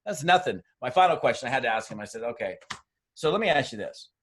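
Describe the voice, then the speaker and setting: A middle-aged network marketing trainer gives a motivational webinar talk full of blunt, tough business lessons and stories with acted-out dialogue. His mid-range voice is expressive and quick, and the webinar mic picks up slight background noise.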